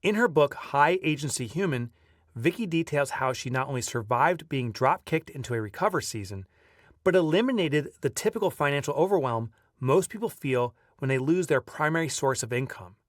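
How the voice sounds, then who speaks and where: A man reading his own audiobook aloud, lively as a storyteller and breaking off now and then for casual asides. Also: on the high side, moderate pace, no room sound, studio quality, far from the mic. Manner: lively storyteller who breaks off to chat offhand. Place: video recording setup.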